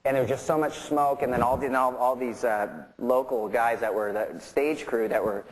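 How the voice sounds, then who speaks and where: A man's voice: mid-range voice, fairly even intonation, normal speed, rough recording. A man guesting on an onstage interview, telling stories in a casual, rambling way with many fillers and restarts and laughter running through them. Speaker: interview guest, rock musician.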